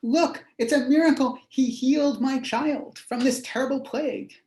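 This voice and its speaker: A man voicing an excited young woman who tells her town about a miracle, raising his voice high and exclaiming. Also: moderate pace, roomy sound. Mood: elated.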